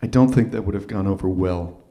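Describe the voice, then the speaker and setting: A man in his thirties telling a personal story at an open mic, animated and acting out what other people said. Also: low voice, fairly quick, background noise. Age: 30s. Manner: animated, acts out quoted voices. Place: live open mic venue.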